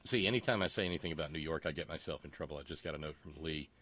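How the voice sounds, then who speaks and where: A man's voice: very deep voice, rapid-fire, dry recording. A man hosting a casual talk show, telling stories with a sardonic edge. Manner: sardonic, animated storyteller. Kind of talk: casual radio banter.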